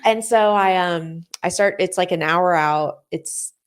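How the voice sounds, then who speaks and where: A woman's voice: on the low side, a little slow, clear, resonant tone. A woman in her thirties, a podcast co-host chatting casually, telling a long story that she acts out with quoted dialogue and frequent laughter. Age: 30s. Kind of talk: casual chat.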